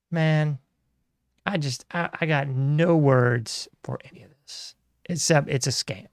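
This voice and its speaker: A man's voice: on the high side, moderate pace, a bit bright, no room sound, studio quality. A man hosting his own show, rambling and sarcastic, laughing often as he talks. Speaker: podcast host. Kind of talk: casual solo commentary.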